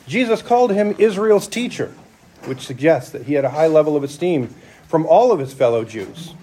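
A man's voice: a little high, darkish tone, slightly rough. A middle-aged man, a church elder, preaching a sermon in an explanatory, conversational way with restarts and asides.

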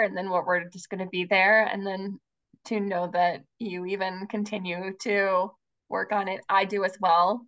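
A woman hosting a podcast interview, quick and friendly, who laughs easily. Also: mid-range voice, fairly bright tone. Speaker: podcast host. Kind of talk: conversational interview. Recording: dull lo-fi sound.

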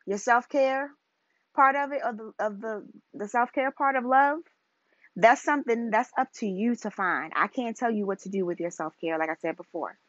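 A woman hosting a casual solo podcast, talking in a relaxed, chatty way and often restarting her phrases. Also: on the high side, normal speed, no echo, lo-fi sound. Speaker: podcast host.

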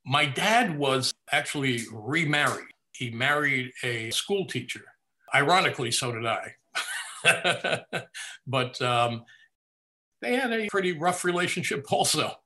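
An older man in an interview, recounting family memories in a lively storytelling way and laughing at his own anecdotes. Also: mid-range voice, measured pace. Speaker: interview guest. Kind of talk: reminiscing in a conversational interview.

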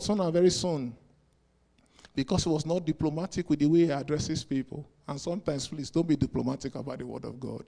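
Fiery preaching man, lively pitch. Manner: dramatic preaching with sudden loud shouts and rhetorical questions. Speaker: pastor. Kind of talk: sermon.

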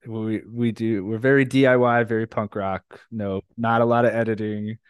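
A man's voice: fairly low pitch, level tone, moderate pace, clean tone, no room sound, clean studio sound. A middle-aged man hosting a podcast, chatting in a rambling way and laughing often. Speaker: podcast host. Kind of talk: casual podcast chat.

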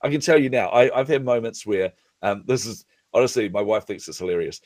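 This podcast guest, a middle-aged business coach, keeps the interview casual while acting out conversations from his stories with animation. His voice is fairly low and brisk, recorded with no echo.

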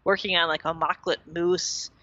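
A woman's voice: fairly low pitch, little pitch movement, normal speed, bright, forceful tone, no room sound, muffled recording. A woman casually recapping a TV episode as a podcast co-host, chatty and full of fillers.

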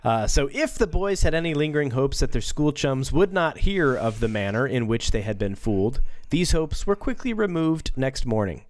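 A man's voice: medium pitch, sing-song, normal speed, hardly any pauses. A man co-hosting a podcast, reading a book aloud with wry, dry asides. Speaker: podcast co-host. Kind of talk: casual chat and book reading.

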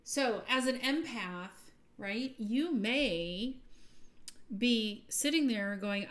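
A woman hosting a podcast, giving an earnest, upbeat spiritual talk that often trails off softly at the ends of phrases. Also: fairly high pitch, expressive, drawn-out words. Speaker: podcast host.

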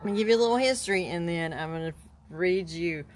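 A woman's voice: lowish voice, fast talker. A woman co-hosting a casual talk show, laughing often as she reads from her notes. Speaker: podcast co-host. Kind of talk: casual chat.

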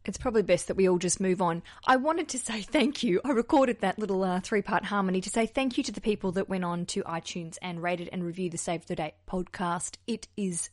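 A woman's voice: mid-range voice, fairly quick, hardly any pauses, a little mellow. A young woman with an Australian accent, hosting a podcast in a bubbly, joking tone. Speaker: podcast host. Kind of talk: casual podcast chat.

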